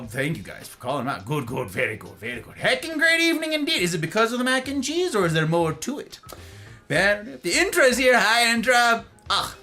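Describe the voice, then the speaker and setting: A man chats on a live stream from his home office, his bright, forceful voice leaping up and down as he playfully welcomes viewers by name. Soft music plays faintly behind him. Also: high voice. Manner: animated, playful, greets chatters by name. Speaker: livestream host. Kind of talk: casual live-stream chat.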